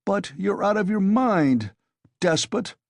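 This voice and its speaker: A man voicing a loud, tipsy young man who blusters and argues, in a husky voice. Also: mid-range voice, very animated, measured pace, dry recording, studio quality, voice pushed up, full character voice. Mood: blustering.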